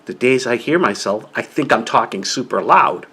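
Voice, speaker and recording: A man vlogging casually to camera about his own experience, rambling along and swinging between talking softly and very loudly. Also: mid-range voice, lively intonation, normal speed, slightly rough. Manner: rambling, conversational.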